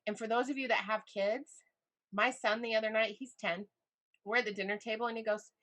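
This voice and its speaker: A middle-aged woman life coach talks as a podcast guest, voice bright and a touch high. She tells stories with real animation, jumping up in pitch as she acts out what others said. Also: a little fast. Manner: expressive, acts out quotes with big pitch jumps. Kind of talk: animated conversational storytelling.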